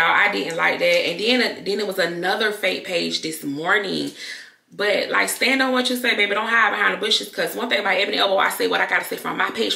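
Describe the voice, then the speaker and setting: A woman YouTuber talking candidly to her viewers, loud and expressive, in casual talk to camera. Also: medium pitch, gravelly. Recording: echoey room.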